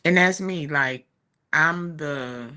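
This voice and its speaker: Woman talk show co-host, forties, slow chatty storyteller, bright voice. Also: deep voice. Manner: chatty, warm storytelling with laughs and asides. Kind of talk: casual chat. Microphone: streaming studio mic.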